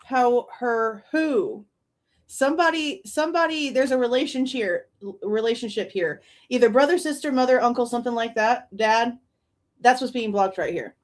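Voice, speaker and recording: A woman's voice: on the high side, moderate pace. A woman streaming true-crime reaction commentary, incredulous and laughing, cursing freely.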